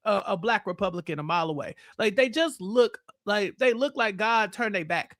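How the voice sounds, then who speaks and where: Podcast host, man, high-pitched, casual blunt political venting, dry studio sound. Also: expressive, moderate pace, a bit bright, dry recording. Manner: blunt, exasperated ranting.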